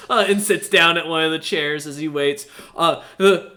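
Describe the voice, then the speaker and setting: A man's voice: on the high side, fairly quick, sharp tone. Rambling man narrating a tabletop game. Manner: rambling, many fillers and restarts. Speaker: game master.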